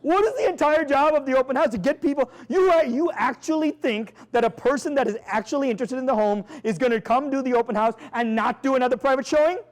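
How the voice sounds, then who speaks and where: A man giving a live seminar talk as a sales trainer, energetic and emphatic, firing rhetorical questions at the audience in a quick, conversational way. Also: extremely high pitch. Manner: quick, conversational, with frequent restarts and "like" and "right?".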